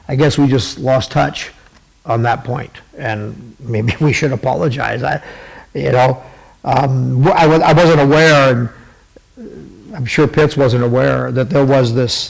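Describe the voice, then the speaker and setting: Podcast host, male, gravelly, mid-pitched, rambling casual commentary with lots of "uh"s. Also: steady tone, a little slow, long pauses, poor audio. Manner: meandering, many fillers and restarts. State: fighting a cough.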